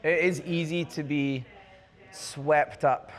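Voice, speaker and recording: A man with a Scottish accent, a guest on a casual podcast, telling animated stories and acting out dialogue. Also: a little high, slow pace. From Crieff, Scotland. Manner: animated storyteller, acts out quoted dialogue. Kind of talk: casual conversation. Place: bar, live recording.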